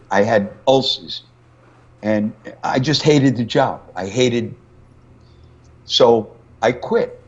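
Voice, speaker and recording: A man's voice: medium pitch, muffled recording. An older male singer chatting as an interview guest, telling stories about his life and family. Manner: storytelling, animated when quoting family. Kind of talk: casual interview chat.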